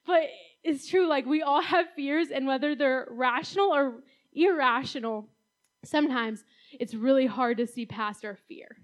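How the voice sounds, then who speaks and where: A woman's voice: high-pitched, moderate pace. A young adult woman giving a casual, talk-style sermon as a youth speaker, chatty and full of "like"s, often laughing.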